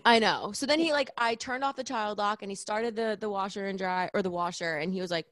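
A woman co-hosting a podcast, telling a story in a lively, casual way and mimicking the people in it. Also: mid-range voice, brisk, no room sound, studio quality. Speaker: podcast co-host. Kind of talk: casual chat.

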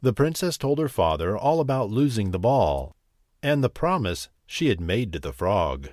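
A man hosting a bedtime story channel, reading a fairy tale gently. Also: on the low side, very animated, moderate pace, no room sound, clean studio sound. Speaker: storyteller host.

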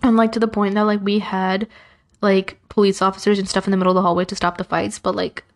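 A woman's voice: mid-range voice, fast talker. A young woman hosting a podcast, chatting casually and acting out the people in her stories. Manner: chatty, animated retelling with acted-out quotes. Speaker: podcast host. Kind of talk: casual storytelling.

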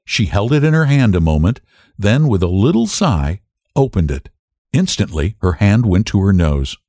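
Man narrating a story, low voice, lively pitch, dry close sound. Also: normal speed, no echo. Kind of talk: audiobook narration.

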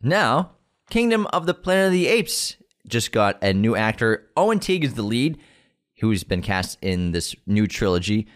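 A man's voice: on the low side, normal speed. A man co-hosting a movie news show, reading out items and joking with his co-host. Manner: relaxed, joking, reads news items aloud. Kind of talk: casual chat.

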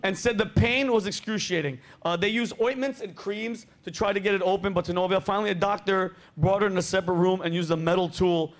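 A man's voice: sits high, quick pace, hardly any pauses. A middle-aged man hosting a podcast, telling stories casually and swearing freely. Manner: profane, animated storyteller. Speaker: podcast host. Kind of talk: casual chat.

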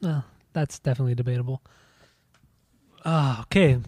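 Dry-teasing young man, mellow voice. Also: mid-range voice, normal speed, no echo. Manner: dry teasing, runs the segments. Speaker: podcast co-host. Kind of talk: casual chat.

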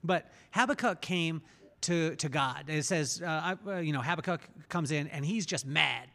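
A man hosting a podcast interview, telling stories in an animated way and acting out voices as he retells them. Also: on the high side, normal speed, creaky, in a large hall. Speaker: podcast host. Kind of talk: conversational interview.

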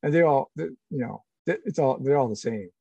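A middle-aged man, an actor being interviewed, talking casually and haltingly with many restarts and fillers. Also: medium pitch, animated, creaky, a little mellow, husky, dry recording, muffled recording. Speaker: actor guest.

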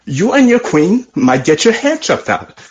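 A man's voice: sits high, a little slow, slightly rough. A man from France with a French accent, calling in to give his opinions in a playful, blunt way. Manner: animated, playful and blunt, laughs often. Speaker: caller. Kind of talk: call-in opinion.

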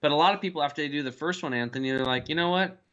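A man with a slightly high, fairly bright voice talks very fast as a health guest in a casual interview, telling stories and mimicking the voices of people he quotes. He's from the United States, and the recording has a dull, lo-fi sound.

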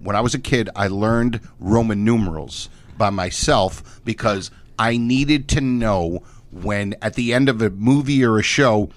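A man's voice: on the low side, unhurried. A man in his fifties chatting casually, telling rambling stories with lots of restarts. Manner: rambling, animated storyteller with frequent restarts. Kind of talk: casual chat.

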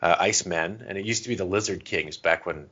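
A man from Florida co-hosting a podcast in casual chat, joking and animated. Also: brisk, husky. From Florida, USA. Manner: joking, animated, jumps up in pitch. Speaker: podcast co-host.

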